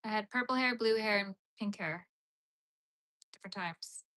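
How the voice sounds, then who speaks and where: Canadian girl crocheting on stream, chatty and rambly, says like a lot, bright sharp voice. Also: mid-range voice, moderate pace. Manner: chatty, rambling, lots of "like" and trailing thoughts. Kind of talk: casual live chat while crocheting.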